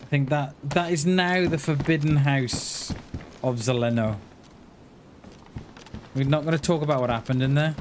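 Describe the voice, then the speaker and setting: A man's voice: a little high, normal speed, pauses often, background noise. Playful man streaming a game. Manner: playful, jokey banter with chat. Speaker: livestreamer. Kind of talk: casual chat while gaming.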